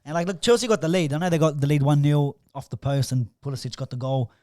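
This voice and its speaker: Excitable man talking football. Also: a little high, fast, dry recording, studio quality. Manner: animated, excitable bursts, trails off mid-sentence. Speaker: podcast co-host. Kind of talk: casual football chat.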